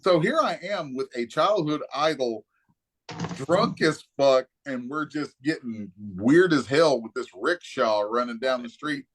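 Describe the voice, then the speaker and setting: A man's voice: mid-range voice, measured pace. Profane man telling stories. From Kentucky, USA. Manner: profane, animated storyteller. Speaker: guest, comic artist. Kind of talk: casual storytelling anecdote.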